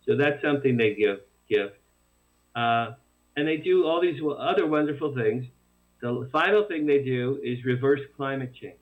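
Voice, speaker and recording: A man talks about his book over a tinny phone line, rambling and animated, stopping and restarting as he goes. His voice sits in an ordinary middle pitch for a man. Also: moderate pace. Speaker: author guest. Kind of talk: casual radio interview.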